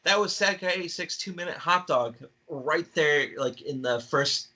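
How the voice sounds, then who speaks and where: A man talking casually as a podcast guest, laughing often and breaking into animated impressions. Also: on the high side, normal speed. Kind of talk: casual chat.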